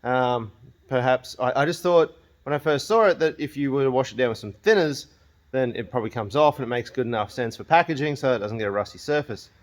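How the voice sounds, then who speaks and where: A home mechanic who hosts a channel vlogs casually from his shed or garage, thinking aloud while he works on his truck in a brisk, mid-range voice. He chats to the parts as he goes, wry and grumbling, and often makes fun of himself.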